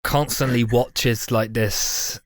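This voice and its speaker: A man's voice: medium pitch, fairly even intonation, slow pace, dry recording, studio quality. A man co-hosting a casual film podcast, rambling and laughing as he talks. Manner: laughing, rambling with lots of fillers. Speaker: podcast co-host. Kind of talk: casual chat.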